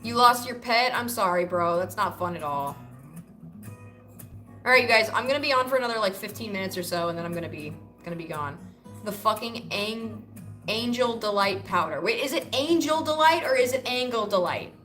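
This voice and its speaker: A woman from the United States hosts a casual livestream, reading chat comments and answering with loose, profane jokes. Her voice is bright and forward, at an ordinary middle pitch. Soft guitar music plays faintly underneath. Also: lively intonation, fairly quick. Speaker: livestream host.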